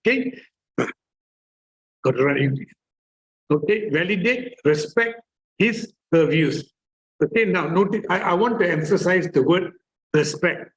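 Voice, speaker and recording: Malaysian english guy giving a talk, slightly high voice, rambly and chatty, lots of uh and lah. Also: low-quality recording. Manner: chatty, repetitive, full of fillers. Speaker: therapist. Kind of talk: conference presentation.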